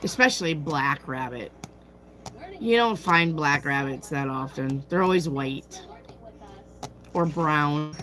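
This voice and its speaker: A woman's voice: low voice, slow, long pauses, fairly bright tone, low-quality recording. A woman hosting a tarot livestream, chatting casually, telling a personal story and answering viewer comments. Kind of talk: casual chat with live chat.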